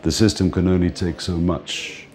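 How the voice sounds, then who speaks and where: This older man, a music manager, spins interview stories at a moderate pace in a very deep voice. Full of animation and frequent laughter, he acts out whoever he's quoting.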